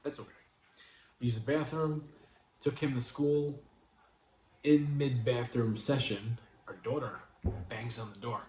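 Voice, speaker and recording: A man's voice: mid-range voice, fairly even intonation, measured pace, long pauses, a little mellow. A middle-aged man hosting a casual livestream, telling a story and acting out quoted lines with energy. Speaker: vlog host. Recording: echoey room with faint noise.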